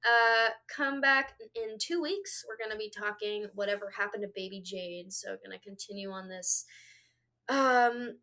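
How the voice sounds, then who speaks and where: A woman's voice: medium pitch, unhurried, sharp tone. A woman co-hosting a podcast in casual chat, laughing often between her remarks. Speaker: podcast co-host. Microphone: home podcast microphone.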